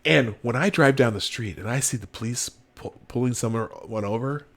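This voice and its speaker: A man's voice: medium pitch, normal speed, a bit bright. A middle-aged man hosting a live show, giving emphatic commentary with laughs. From Minnesota, United States. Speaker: host. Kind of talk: animated commentary.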